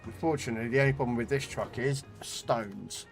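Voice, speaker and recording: Speaking a little fast in a gravelly mid-range voice, this male streamer talks casually to his audience while playing a video game and swearing at it. Soft music plays underneath, and he uses a desk condenser microphone for the live commentary.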